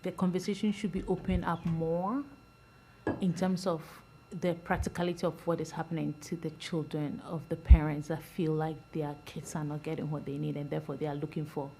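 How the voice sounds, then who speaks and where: A woman's voice: deep voice, level tone, brisk, vocal fry, a little hiss or hum. Earnest, rambling woman at a board meeting. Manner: earnest, rambling, with frequent restarts and soft laughs. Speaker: school board member. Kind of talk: public meeting remarks.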